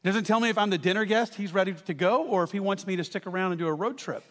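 A man preaching a sermon as pastor, telling stories with lively asides to the congregation. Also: high-pitched, fast, in a large hall. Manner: animated storytelling with asides to the congregation.

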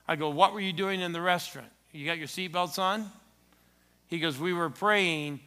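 A middle-aged man preaching a sermon in church, telling stories with sudden swings between loud exclamations and soft asides. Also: fairly high pitch. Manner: animated storytelling with sudden loud and soft turns. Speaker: pastor.

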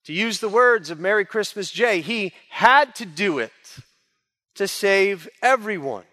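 Slow, high-voiced male pastor preaching. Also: expressive, bright, forceful tone. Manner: earnest, emphatic preaching. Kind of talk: sermon. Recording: long reverb of a large hall.

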